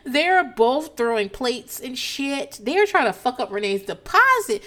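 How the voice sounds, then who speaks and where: A woman recaps a reality show in a loose, casual way, her voice a bit high and swinging widely up and down. She curses freely and keeps breaking into laughter between her sentences. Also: unhurried. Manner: animated, profane, laughs often. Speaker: TV recap host.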